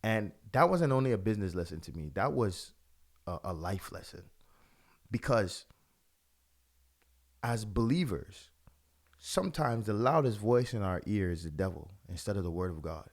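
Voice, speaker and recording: A man's voice: lowish voice, animated, normal speed, pauses often. A man, a pastor, giving religious video commentary with impassioned, repetitive phrasing.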